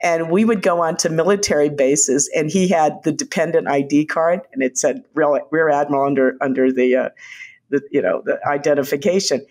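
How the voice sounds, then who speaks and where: Older woman guest, storyteller, lively anecdotes with quick quoted voices. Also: low-pitched. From United States. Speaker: guest, former White House physician. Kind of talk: conversational storytelling.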